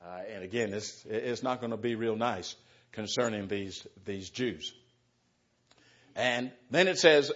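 A man's voice: mid-range voice, measured pace, a bit bright. A man teaching verse by verse through a Bible passage, talking it through conversationally and asking his listeners rhetorical questions. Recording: dull lo-fi recording.

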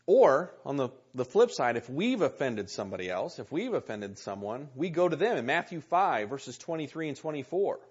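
An earnest male preacher delivering a sermon and reading scripture aloud, often repeating his key words. His voice is husky and mid-pitched. The recording sounds muffled and lo-fi. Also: very animated, moderate pace, hardly any pauses, darkish tone.

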